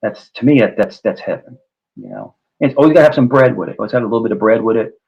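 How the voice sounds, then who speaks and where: A man's voice: fairly low pitch, expressive, very fast, vocal fry, lo-fi sound. A man with a New York accent chatting casually about food, rambling and often repeating himself. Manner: rambling, repeats words, says bro a lot. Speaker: host. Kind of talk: casual chat.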